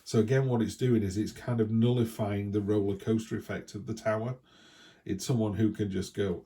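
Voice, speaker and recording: A man's voice: fairly low pitch, steady tone, normal speed, dark tone. A man giving a casual tarot reading, chatty and thinking aloud with many restarts. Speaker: tarot reader.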